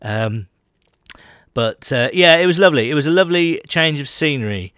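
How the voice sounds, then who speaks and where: A man's voice: on the high side, animated, normal speed, a bit bright, clear, resonant tone, no echo, clean studio sound. A British man co-hosting a podcast, chatting casually and self-mockingly with lots of fillers. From Britain. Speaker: podcast co-host. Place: home, London.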